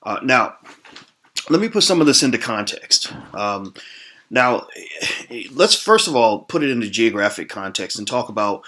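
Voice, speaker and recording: A man's voice: medium pitch, big pitch swings, normal speed, pushed and bright. An American man hosting his channel, chatting casually to camera, rambling with lots of "uh" and "um" and restarts. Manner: rambling with many fillers and restarts. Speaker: host.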